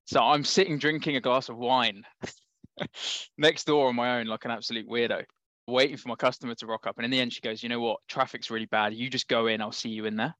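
A man with a London accent, a startup founder guest, chatting and telling an animated story on a podcast. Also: medium pitch, brisk, no echo. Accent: London English. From England. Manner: animated anecdotal, laughs often.

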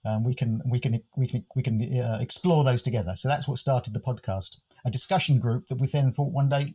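Older man from the UK, a guest who muses thoughtfully, with a slightly husky voice. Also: mid-range voice, steady tone, a little fast, few pauses, dark tone. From United Kingdom. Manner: thoughtful, literary, musing. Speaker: guest, philosophy podcast host. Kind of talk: reflective interview talk.

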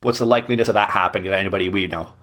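Brief: 30s male co-host, lowish voice, candid and self-mocking. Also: very fast, a bit bright. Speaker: podcast co-host. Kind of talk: casual podcast chat.

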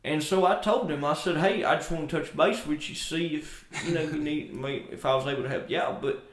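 A man's voice: on the high side, a little fast, reverberant. A man with a North Louisiana accent telling a rambling story in a casual podcast chat, playful and joking. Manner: playful, slips into put-on voices and drawled stories. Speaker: podcast guest. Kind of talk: casual chat with joke impressions.

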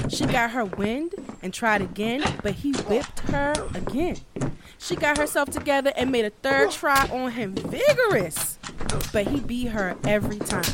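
A woman storyteller reading an old folktale in a folksy, expressive way. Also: on the high side, slight background noise. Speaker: host and storyteller.

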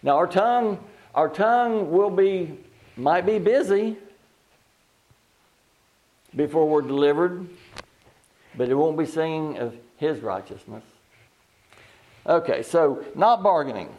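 An older man teaches from the pulpit in a slow, unhurried sermon. His voice sits a little on the high side, and his delivery is folksy and rambling. He keeps restarting sentences and chuckles at his own side stories. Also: lively intonation, darkish tone. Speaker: preacher.

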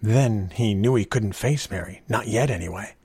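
A man narrating a story in a measured, expressive reading voice. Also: fairly low pitch, slightly rough.

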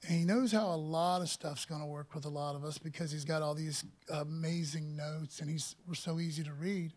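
A man's voice: fairly even intonation, moderate pace. A man preaching a casual sermon as pastor, dropping "man" and "you know" asides and lifting his voice when he reads scripture. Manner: reads scripture louder and higher.

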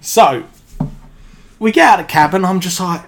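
A man, a podcast guest, telling anecdotes in casual chat, animated, swearing freely and laughing as he goes. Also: high voice, moderate pace, pauses often.

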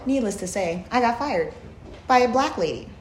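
A woman co-hosting a podcast, telling stories in a profane, animated way. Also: on the high side, normal speed, reverberant, a little hiss or hum. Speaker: podcast co-host. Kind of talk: casual storytelling chat.

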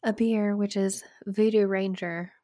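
A young adult woman co-hosting a podcast, chatting casually and telling stories with animated, rising energy. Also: medium pitch, measured pace, no echo, studio quality. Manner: animated storytelling, gets loud when retelling frustration. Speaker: podcast co-host. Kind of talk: casual chat.

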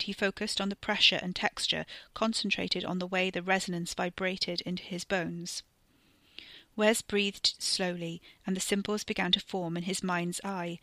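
A woman in scripted narration, reading a horror serial in a measured way that slows for tension. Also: fairly low pitch, bright, forceful tone, no room sound. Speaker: podcast storyteller.

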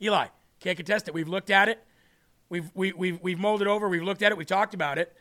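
A man's voice: high-pitched, steady tone, fast, sharp tone. A male political talk show host giving sarcastic, mocking commentary with frequent laughter. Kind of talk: opinionated commentary.

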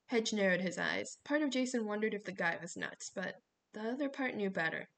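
A woman narrating a novel as an audiobook in a steady storytelling manner. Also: mid-range voice, brisk, creaky.

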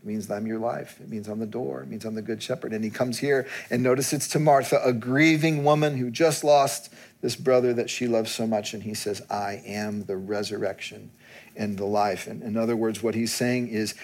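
A man preaching a sermon, dropping to quiet and then rising to emphatic peaks. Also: fairly low pitch, steady tone, normal speed. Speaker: pastor.

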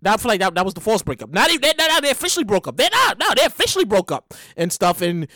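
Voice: mid-range voice, rapid-fire, no room sound, studio quality. A solo show host giving casual, rambling celebrity news commentary, slangy and profane, repeating lines for effect. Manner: animated, rambling, repeats lines, curses freely; slangy, conversational delivery.

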